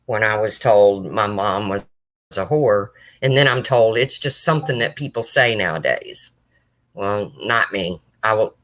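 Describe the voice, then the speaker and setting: Emotional, slow-talking livestream host. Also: medium pitch, pushed and bright. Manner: emotional, talks straight to viewers. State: close to tears. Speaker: livestream host reading chat. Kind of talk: casual livestream chat.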